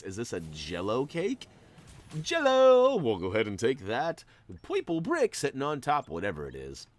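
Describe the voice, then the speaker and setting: Man with a wildly lively voice. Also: fairly low pitch, dry recording. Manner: playful, jokey, chatty. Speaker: gaming channel host. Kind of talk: gameplay walkthrough commentary.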